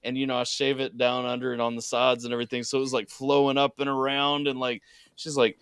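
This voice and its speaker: A man's voice: mid-range voice, little pitch movement, fast, a bit bright, clear, resonant tone, dry recording. A man hosting a casual podcast chat, telling stories with lots of "like" and frequent laughter. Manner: rambling, laughs often, fillers like "like". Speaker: podcast host.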